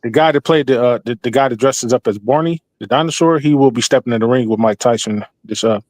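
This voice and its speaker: A man's voice: medium pitch, fast, darkish tone, no echo. An older man rambling and joking as a guest on a livestream panel, fond of doing impressions. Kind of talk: casual chat on a livestream.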